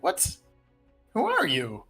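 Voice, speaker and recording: A man's voice: a little high, huge pitch swings, slow, sharp tone, husky, faint music behind, full character voice. A fussy, shriveled old man, put on by a man running a tabletop game. He talks in a raised, wavering register, hesitant and apologetic, then eager to welcome guests inside. He is small, clever and anxious to please. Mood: puzzled.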